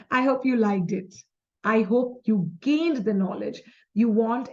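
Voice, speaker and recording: A woman's voice: fairly high pitch, mellow, muffled recording. Indian English woman tutoring exam questions. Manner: mixes Hindi into English, explains with examples. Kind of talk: lively quiz lesson.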